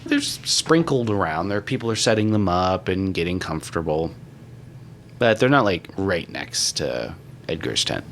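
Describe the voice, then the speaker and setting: A man game master narrating a scene in a loose, casual way, full of likes and pauses. His voice is mid-pitched and moves lively. Faint background hiss sits under it. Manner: casual, filler-laden description.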